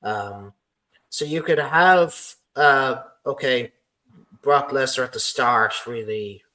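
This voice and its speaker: A man's voice: medium pitch, slow, bright, forceful tone, poor audio. A man hosting a casual podcast, rambling through his ideas with many "you know" fillers. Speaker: podcast host.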